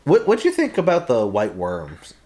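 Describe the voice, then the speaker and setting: Laughing, animated young man co-host. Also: mid-range voice, moderate pace. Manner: laughs often, animated when quoting characters. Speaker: podcast co-host. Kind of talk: casual chat.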